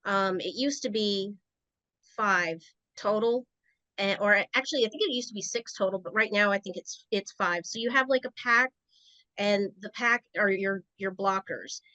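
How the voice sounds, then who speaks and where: A woman's voice: medium pitch, moderate pace, pushed and bright, dry recording. Woman guest telling stories, dull lo-fi. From Rhode Island, US. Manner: chatty, storytelling. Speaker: podcast guest. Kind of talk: casual interview chat. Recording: dry, dull lo-fi sound.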